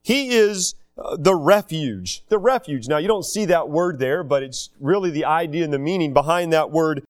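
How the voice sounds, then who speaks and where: A man preaching a sermon, teaching through a Bible passage in an unhurried way and stretching out key phrases for emphasis. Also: on the high side, lively intonation.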